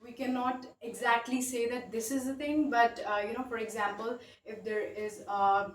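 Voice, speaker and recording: A woman teaches a grammar lesson, explaining patiently and dotting her talk with fillers and "right?". Her voice sits a little high. It was recorded from a distance in a roomy, echoey space with faint ambience behind it. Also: fairly even intonation, normal speed, a little hiss or hum. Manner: explains patiently with many fillers and tag questions. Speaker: English teacher.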